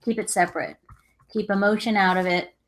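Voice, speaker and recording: A woman's voice: medium pitch, fairly even intonation, brisk. A woman co-hosting a casual live-stream business chat with her husband, thoughtful and rambling with many restarts. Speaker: co-host of a live reselling business show.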